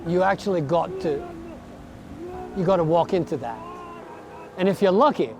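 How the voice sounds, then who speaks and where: A man in his sixties telling his story in an earnest, reflective way, slowing down to stress his words. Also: high voice, music in the background. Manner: earnest, slow, emphatic. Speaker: adventurer recounting a long walk.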